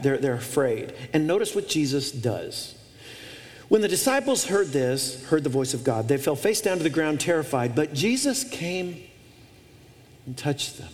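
Male pastor, high-ish voice, emphatic sermon delivery full of repetition, big reverberant sanctuary. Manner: emphatic preaching with repeated phrases and restarts. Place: church auditorium. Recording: long reverb of a large hall.

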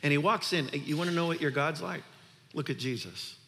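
A man's voice: on the high side, a little fast, pushed and bright, slight background noise. Earnest man preaching in a reverberant hall. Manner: earnest, conversational preaching with emphatic builds. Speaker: pastor. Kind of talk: sermon.

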